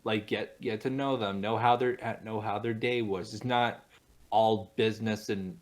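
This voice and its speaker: A man's voice: lowish voice, fairly even intonation, normal speed. A young man, a voice actor guest on a casual podcast, rambling with many restarts and laughing easily.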